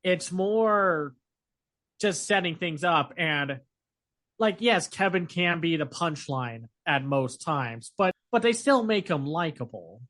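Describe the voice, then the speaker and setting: A man's somewhat high voice leads a casual podcast chat where he serves as co-host. Chatty and animated, he wanders through his points with lots of fillers and quick tangents.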